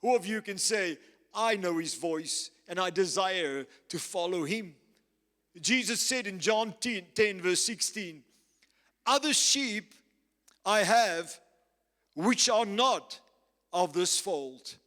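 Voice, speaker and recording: A male pastor preaching a sermon, slow and emphatic, repeating key phrases. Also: sits high, lively intonation, a bit bright. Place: church. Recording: reverberant church hall with faint music.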